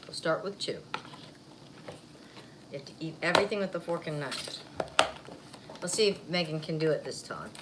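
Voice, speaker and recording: A woman's voice: deep voice, animated, moderate pace, long pauses. A woman vlogger chatting casually while eating on camera, rambling and laughing easily. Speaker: mukbang vlogger. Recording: faint background noise.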